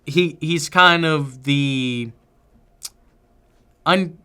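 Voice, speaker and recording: A man's voice: a little high, smooth. A man co-hosting a film review podcast, chatting casually and giving opinionated, emphatic takes. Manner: animated, opinionated, drawn-out emphasis. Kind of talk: casual movie review chat.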